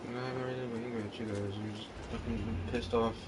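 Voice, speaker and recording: Frustrated swearing gamer, muttering. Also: male voice, mid-range voice, level tone, a little fast, heavy background noise. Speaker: gaming channel host. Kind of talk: live gameplay commentary.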